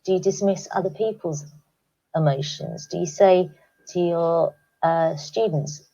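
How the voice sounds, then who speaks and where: A woman speaking calmly to teachers, guiding them through reflective questions in a recorded online talk. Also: fairly low pitch, measured pace, highs cut off. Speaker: education speaker. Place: home, recorded remotely.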